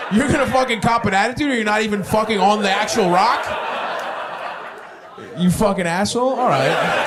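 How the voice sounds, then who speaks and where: A man doing crowd work on a comedy club stage, brash and profane, mocking an audience member and shouting his punchlines. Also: sits high, very noisy. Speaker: stand-up comedian. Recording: loud audience laughter behind.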